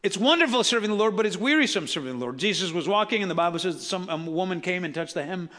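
Bright-voiced, animated male preacher. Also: high voice, fast. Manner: conversational and animated, acting out Bible characters with casual asides. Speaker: pastor. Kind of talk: sermon.

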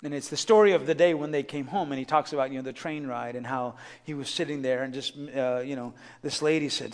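A man preaching a sermon, moving from a soft, quiet story to emphatic preaching. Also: mid-range voice, steady tone, a little fast, long reverb tail.

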